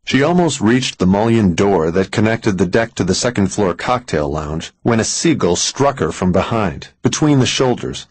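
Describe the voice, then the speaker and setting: A man reading a thriller audiobook in an even, deliberate scripted narration. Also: fairly low pitch, husky, no room sound, rough recording.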